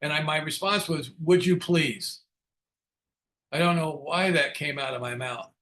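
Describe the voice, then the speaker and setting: Older man, bright tense voice, a bit high, frank self-mocking storyteller, chuckles often. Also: brisk. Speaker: speaker leading a recovery book study. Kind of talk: candid storytelling talk.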